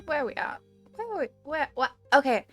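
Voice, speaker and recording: A woman's voice: sits high, sing-song, fairly quick, soft background music. A woman streamer chatting live with her viewers, playful and giggly, laughing often between lines.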